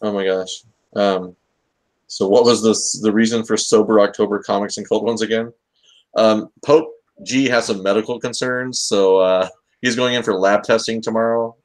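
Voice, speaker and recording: Low-voiced joking male show host. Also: steady tone, normal speed. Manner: joking, rambling with many fillers. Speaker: host of a comics talk show. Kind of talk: casual live-stream chat.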